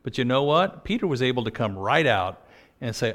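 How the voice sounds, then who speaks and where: A man's voice: medium pitch, big pitch swings, a little fast, fairly bright tone. A man preaching a sermon in a conversational storytelling manner, often breaking into laughs.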